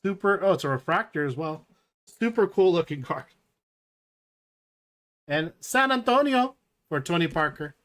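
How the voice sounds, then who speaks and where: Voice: mid-range voice, animated, a little slow, pauses often, a bit bright. A live-stream host chatting enthusiastically while opening packs and reading out each card as it appears.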